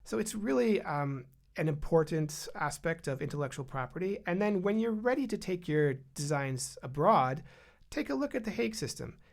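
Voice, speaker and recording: A man speaking as a guest expert in a podcast interview, relaxed and conversational, with frequent fillers and restarts. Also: on the high side, normal speed, vocal fry. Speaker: guest expert on design protection.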